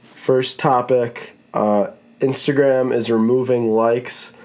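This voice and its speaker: A man's voice: mid-range voice, little pitch movement, takes it slowly, darkish tone. A man hosting a casual podcast chat, rambling in a laid-back way and swearing now and then. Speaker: podcast host.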